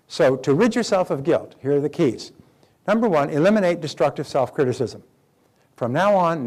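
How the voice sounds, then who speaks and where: A man giving a motivational seminar talk in a direct, emphatic, animated manner. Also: fairly high pitch. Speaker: motivational speaker.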